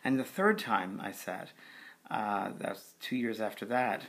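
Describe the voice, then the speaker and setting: A middle-aged man, a spiritual medium, recounting a memory in a relaxed conversational way with frequent fillers. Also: lowish voice, unhurried. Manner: conversational, with fillers, acting out quoted voices. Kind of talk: video testimonial storytelling.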